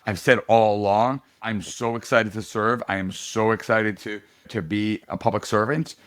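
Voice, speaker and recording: A middle-aged man, a political candidate, telling a story in a casual podcast interview, animated and laughing often. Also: on the low side, normal speed.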